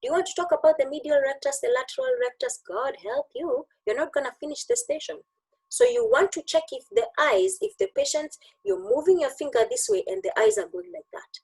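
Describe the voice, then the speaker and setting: A woman teaches an online exam-review lesson in a very high voice that swings widely as she talks. She jokes with her students and acts out each test as she goes. Her voice comes through a computer mic on a video call. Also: fairly quick, rough recording. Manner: animated, joking, demonstrative teaching. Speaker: exam tutor and doctor.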